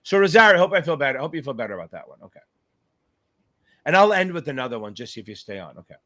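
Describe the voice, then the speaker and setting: A fairly high-voiced man hosts a casual live Q&A stream for exam takers. His pitch swings widely as he cheers viewers on, swears freely and jumps between comments while thinking aloud. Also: racing. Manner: animated, profane, hypes up viewers. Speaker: exam tutor hosting a live Q&A. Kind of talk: casual livestream chat.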